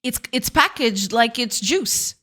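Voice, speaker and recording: A woman's voice: a little high, expressive, slow pace. A woman streaming her game development live, chatting casually and laughing often, and repeating words as she searches for them. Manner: laughs often and reacts warmly to chat.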